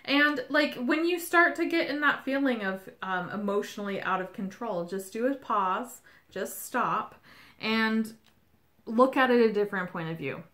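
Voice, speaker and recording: A woman's voice: a little high, a little slow, a bit bright. A woman giving a casual tarot reading, talking in a reflective, reassuring way with frequent fillers. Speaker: tarot reader. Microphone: home video setup.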